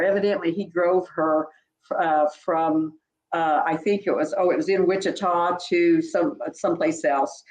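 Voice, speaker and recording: A woman's voice: fairly low pitch, normal speed, a little mellow, dull audio. Older woman reminiscing in an echoey room. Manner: heartfelt, meandering, with many restarts. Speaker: senior sales director. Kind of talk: reminiscing conversation.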